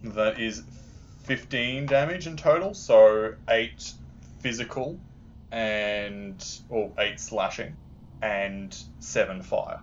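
A man's voice: lowish voice, slow pace, slight background noise. A man playing a tabletop game, stating his moves hesitantly as he thinks them through. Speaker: player. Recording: dull lo-fi audio.

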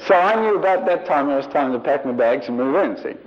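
A man's voice: medium pitch, animated, fast talker. A male preacher giving a sermon to a congregation in a church building, emphatic and repeating his key phrases, on a muffled 1970s recording.

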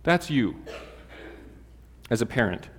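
A male preacher at a middle pitch who talks to his congregation casually and with humor, moving between stories and scripture. His voice carries a long, lingering reverb, as if heard in a large hall. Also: takes it slowly. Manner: conversational and humorous, with lively asides and Bible readings. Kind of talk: sermon.

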